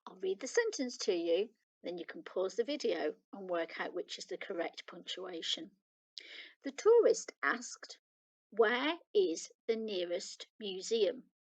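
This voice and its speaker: A woman's voice: fairly low pitch, very animated, measured pace, rough recording. A woman primary school teacher with a British accent, patiently reading example sentences aloud in a recorded online lesson for children. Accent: British English.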